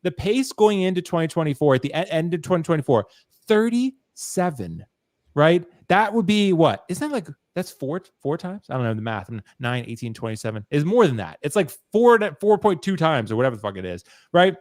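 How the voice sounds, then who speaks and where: A man from Maryland hosts a casual livestream with a loose, laid-back delivery and plenty of swearing. His pitch rises and falls a lot as he talks. The sound is dry and close, with little room around it. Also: sing-song, brisk, darkish tone, no echo. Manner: laid-back, swears freely, laughs often. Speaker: livestream host.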